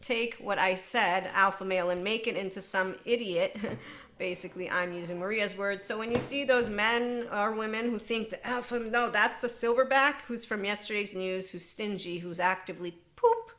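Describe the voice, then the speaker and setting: Bright-voiced woman podcast host. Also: mid-range voice, moderate pace, slight background noise. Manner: animated, laughs often, switches into quoted voices. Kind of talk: unscripted monologue.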